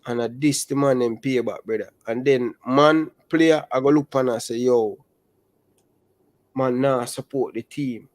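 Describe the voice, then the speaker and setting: A young adult man with a Jamaican accent, chatting casually about football in animated patois. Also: medium pitch, measured pace, no echo. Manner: animated, speaks Jamaican patois and calls listeners brother. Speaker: football channel host. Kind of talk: casual chat.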